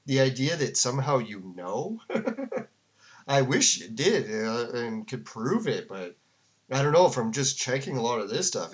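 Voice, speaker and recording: Talking through a debate for his live chat, a man rambles loosely at an ordinary middle pitch. His speech is peppered with fillers, restarts, many "like"s, and laughter.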